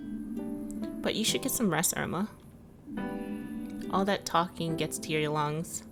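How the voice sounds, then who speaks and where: A woman's voice: deep voice, lively intonation, slow, music in the background, heavily acted. A woman voicing a kind, earnest young male junior doctor, reading his lines plainly.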